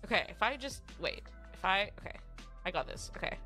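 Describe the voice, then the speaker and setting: Excitable Australian woman streamer. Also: mid-range voice, brisk, soft background music. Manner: rambling, excitable, swears often, talks to chat. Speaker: livestreamer. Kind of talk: casual livestream chat.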